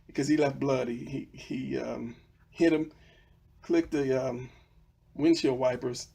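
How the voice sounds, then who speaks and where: Gravelly, husky man explaining comic panels. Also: mid-range voice, a little mellow. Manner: rambling, many fillers and restarts, retelling a story. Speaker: comic artist teaching. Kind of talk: casual tutorial talk.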